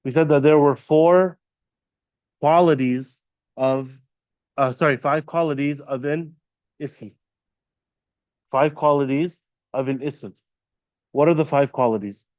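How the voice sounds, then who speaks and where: A man teaching a classroom lesson, patiently quizzing students and repeating terms slowly. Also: fairly high pitch, no room sound, muffled recording. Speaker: Arabic teacher. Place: classroom at an Islamic center.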